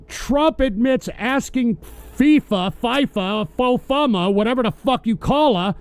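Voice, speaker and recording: Man, high voice, dry close mic: foul-mouthed, sarcastic political host ranting at his chat. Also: no echo. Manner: angry, swearing, sarcastic. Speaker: host of a political call-in show. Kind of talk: profane political rant.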